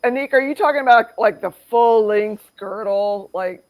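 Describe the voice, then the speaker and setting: A woman's voice: mid-range voice, normal speed, low-quality recording. A woman in an online recovery meeting who asks a question in a casual chat and then explains her point. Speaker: meeting participant.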